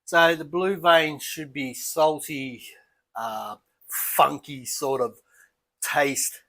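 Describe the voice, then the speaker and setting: A man's voice: on the high side, very slow. Chatty Australian man tasting beer. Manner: relaxed, chatty, thinking aloud while eating and sipping. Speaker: beer reviewer. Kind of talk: casual tasting vlog.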